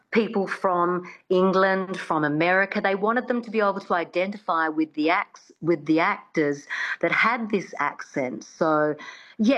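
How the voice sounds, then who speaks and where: A woman's voice: lowish voice, fairly bright tone, lo-fi sound. A woman accent coach, chatty and explanatory, talking in a radio interview. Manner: chatty, explanatory, fond of filler words.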